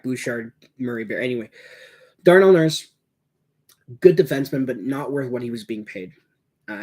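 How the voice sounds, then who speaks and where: A man's voice: mid-range voice, darkish tone. A man giving casual watch-along commentary as a hockey fan, rambling and reacting, with many fillers.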